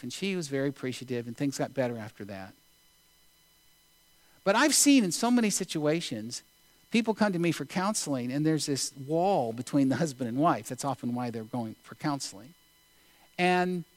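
A male preacher giving a sermon, telling a story in an unhurried, deliberate way with pauses. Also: fairly high pitch, no echo.

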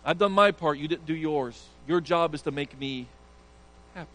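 A man's voice: fairly high pitch, moderate pace, fairly bright tone, lightly acted. A man preaching while voicing a grieving, frustrated woman who pleads and accuses her friend of letting her down. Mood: pleading. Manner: pleading, indignant, rising. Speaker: pastor.

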